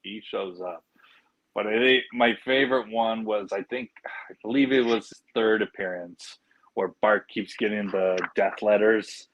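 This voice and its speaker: A man's voice: fairly low pitch, unhurried, muffled recording. A man co-hosting a podcast in casual chat, laughing often and quoting cartoon lines as he goes. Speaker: podcast co-host.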